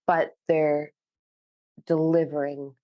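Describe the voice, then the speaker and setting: A woman who works as a spiritual channeler, delivering slow, pausing messages and then chatting casually with many "like" fillers. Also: low-pitched, flat delivery, no echo, lo-fi sound. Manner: frequent filler "like" in chat.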